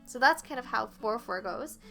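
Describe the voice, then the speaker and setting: A woman with a bright, fairly high voice leads an online flute lesson. She explains each step patiently and counts the beats aloud, with faint music behind her. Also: lively intonation, moderate pace, creaky. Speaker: flute teacher.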